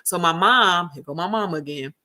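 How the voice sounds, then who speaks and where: A woman host telling a personal story in a casual, animated chat, repeating herself for emphasis. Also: lowish voice, fairly quick.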